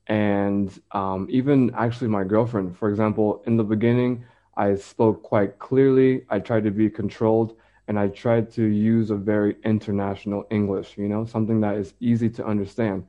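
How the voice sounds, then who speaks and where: A man, an English teacher, talking in a relaxed, measured way in a casual podcast conversation. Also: on the low side, highs cut off.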